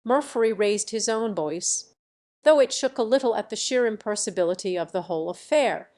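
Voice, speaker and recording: A woman narrating an audiobook of a science fiction novel in an even, measured way. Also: medium pitch. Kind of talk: scripted narration.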